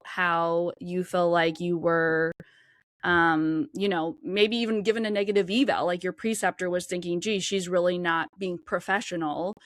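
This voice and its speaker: A woman hosting a podcast interview, speaking in an empathetic, gently probing way. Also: medium pitch, no room sound, studio quality. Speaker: podcast host.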